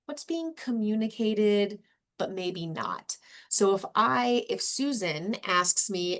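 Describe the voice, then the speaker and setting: A woman's voice: mid-range voice, lively intonation, slow. Woman, trainer, upbeat, workshop presentation, acts out example dialogues.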